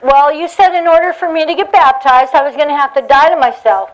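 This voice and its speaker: A woman's voice: high voice, fairly quick, distant mic, muffled recording, natural voice. A woman putting on the goofy character Wanda for a children's church comedy sketch, wailing, giggling and praying in a panic. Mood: worried.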